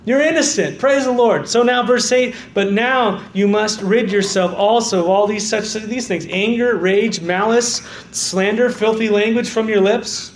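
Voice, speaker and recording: Fervent high-voiced preacher man. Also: measured pace, few pauses, roomy sound, slight background noise. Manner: swings from quiet, low emphasis to loud, fervent calls of "amen". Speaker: pastor. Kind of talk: sermon. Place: church sanctuary.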